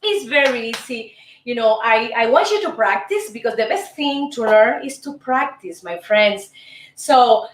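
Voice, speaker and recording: A woman leads a dance lesson at a slow, unhurried pace, counting each step aloud and cheering the viewer on. Her voice sits a little high. It is picked up from across a roomy space, with music playing behind her. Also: lively intonation. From Cuba. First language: Spanish. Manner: counts steps aloud, encouraging, repeats herself, bursts of shouting. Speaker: host and dance teacher. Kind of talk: demonstrating dance steps. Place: indoor room. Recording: roomy distant recording with music.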